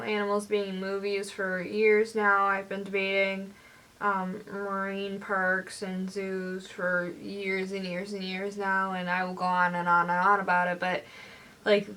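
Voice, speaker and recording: A young woman vlogger ranting angrily to camera, swearing often and filling pauses with "like". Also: medium pitch, fairly bright tone. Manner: heated, swearing, lots of fillers. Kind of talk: angry rant to camera.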